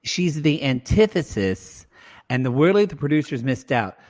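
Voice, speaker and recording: A man's voice: fairly high pitch, very animated, normal speed, a little mellow. A man co-hosting a casual comedy podcast, recapping a reality show with crude, playful humor. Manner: crude, playful, puts on silly voices for bits. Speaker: podcast co-host. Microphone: podcast microphone.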